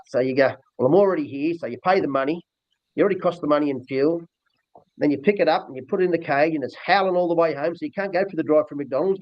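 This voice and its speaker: A man's voice: a little high, no room sound. An older man with an Australian accent, a dog trainer talking bluntly and rambling earthily in a casual interview. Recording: dull lo-fi dry recording.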